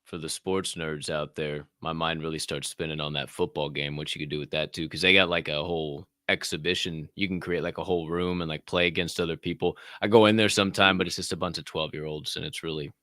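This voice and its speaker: A man co-hosting a casual podcast, telling stories in a loud, profane, animated way. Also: a bass voice, fast talker, few pauses, no echo, studio quality. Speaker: podcast co-host.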